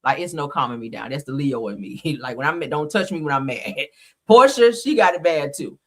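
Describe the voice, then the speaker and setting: Woman host for a gossip commentary stream, lowish and bright, slangy and blunt. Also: lively intonation, fairly quick, breathy edge. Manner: chatty, slangy, opinionated. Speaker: channel host. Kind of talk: casual reality TV commentary livestream.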